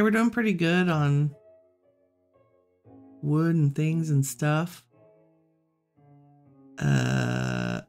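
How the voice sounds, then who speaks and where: A woman hosting a relaxed let's-play, musing aloud and chatting to the animals she meets in the game. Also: low-pitched, vocal fry. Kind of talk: relaxed gameplay commentary.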